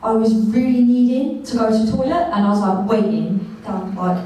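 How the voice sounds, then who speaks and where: A woman's voice: fairly high pitch, fairly even intonation, moderate pace, mellow, natural voice. A young woman playing a sweary girl venting about trains. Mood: exasperated. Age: young adult. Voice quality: sweary, exasperated storytelling. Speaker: student actor. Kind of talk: improvised comic monologue. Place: university rehearsal room. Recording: echoey rehearsal room, mic far off.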